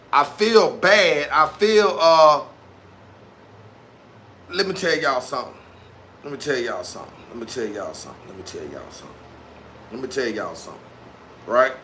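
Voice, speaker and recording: A man's voice: fairly high pitch, bright, forceful tone, slight background noise. A young man hosting a live stream, talking in a slangy, repetitive style, calling out viewers and thanking them for gifts as he gives his take on the news. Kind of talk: casual live-stream commentary.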